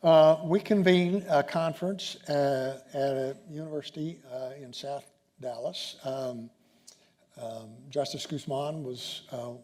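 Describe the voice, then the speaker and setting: A man, a senior judge, answering questions on stage at a dinner, talking in a halting way with many ums and restarts. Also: medium pitch, dark tone. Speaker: chief justice being interviewed. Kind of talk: onstage conversation at a dinner event. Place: hotel banquet room.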